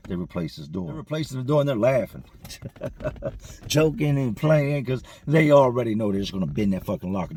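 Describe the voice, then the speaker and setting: A man's voice: mid-range voice, mellow, slight background noise. A man casually telling a story in slangy street vernacular, with frequent conversational asides to the listener.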